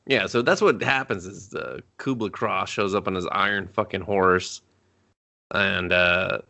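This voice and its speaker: A man's voice: low voice, unhurried, creaky, pushed and bright. A man co-hosting a casual movie review show, swearing a lot, mocking and laughing often. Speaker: podcast co-host.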